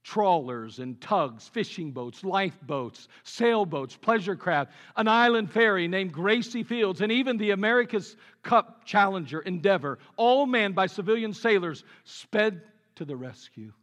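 A man preaching a sermon with earnest conviction, dropping low and quiet on his key points. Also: lively intonation, measured pace, hardly any pauses. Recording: long reverb of a large hall.

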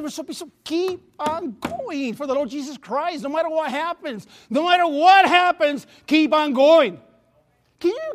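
High-voiced Spanish-accented man preaching. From Latin America. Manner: repeats words and restarts, laughs at himself, storytelling. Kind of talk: sermon. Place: church sanctuary.

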